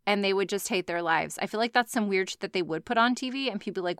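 A woman's voice: mid-range voice, lively intonation, fast talker, hardly any pauses, a bit bright, clean tone, no echo, studio quality. A woman reading a story aloud, breaking off to make sarcastic, swearing comments. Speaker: fan fiction reader.

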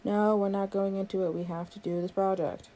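A woman's voice: mid-range voice, level tone, fairly quick, warm tone. A young woman in a one-sided role-play, playing a sarcastic, exasperated coworker who swears a lot. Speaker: coworker doing a project with the listener.

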